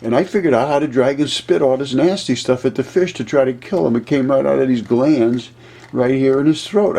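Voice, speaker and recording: A man talking through a map in a casual, rambling monologue, often laughing at his own ideas and getting excited. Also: mid-range voice, gravelly, breathy edge. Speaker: video presenter.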